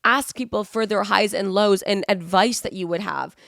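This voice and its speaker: Her voice mid-range, gravelly and fairly bright, a twentysomething podcast host speaks at normal speed while sick with the flu. She rambles through earnest motivational advice packed with fillers in a solo monologue, recorded dry at studio quality.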